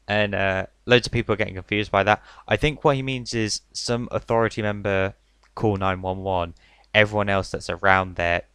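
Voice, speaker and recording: A young man gives a loose, rambling review of a wrestling event, peppering it with "like" and "literally" and plenty of other fillers. His voice is low and fairly bright, and the recording is clean with no echo.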